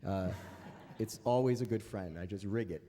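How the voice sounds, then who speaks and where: A man's voice: fairly low pitch, moderate pace, dark tone. A man moderating a panel in front of an audience, opening with dry jokes and many hesitant "uh"s. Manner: wry, joking asides between hesitant filler-heavy lines. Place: large lecture hall. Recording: reverberant hall.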